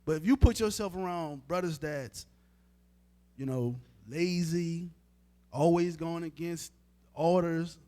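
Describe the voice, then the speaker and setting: Slow and given to long pauses, a man with a high, dark-toned voice delivers an informal, emphatic street sermon aimed straight at his listeners.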